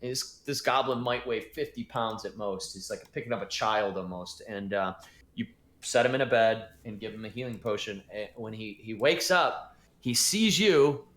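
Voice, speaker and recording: A man's voice: fairly low pitch, normal speed, a bit bright, reverberant. A man running a tabletop game as game master, narrating in a loose, hesitant way with lots of fillers.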